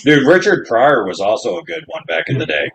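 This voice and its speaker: A man's voice: medium pitch, sing-song, brisk, creaky, a crowd in the background, poor audio. Laid-back swearing man. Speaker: podcast co-host. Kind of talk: casual chat.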